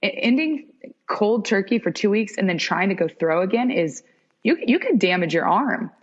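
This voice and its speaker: A woman's voice: mid-range voice, moderate pace, breathy edge. A young woman, a podcast guest, telling stories in a casual interview and acting out the dialogue. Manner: animated, acts out quoted dialogue. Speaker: podcast guest, former pro soccer goalkeeper. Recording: dull lo-fi podcast audio.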